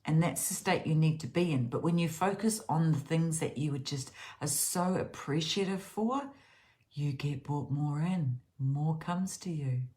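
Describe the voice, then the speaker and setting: A woman with a low voice talks through a gratitude routine in a casual self-help style. She is earnest and rambling, often restarting and repeating her words. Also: measured pace, darkish tone.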